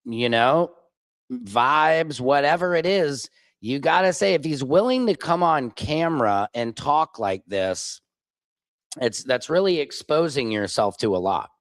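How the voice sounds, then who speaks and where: A man's voice: mid-range voice, animated, slow, no echo. A man from Minneapolis hosting a livestream, reacting to clips and answering chat comments in an informal, argumentative way. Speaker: livestream host.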